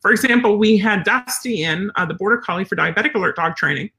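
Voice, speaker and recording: A dog trainer with a mid-range voice talks quickly and casually on a live stream, responding to viewer comments. Animated and chatty, the trainer acts out little dialogues.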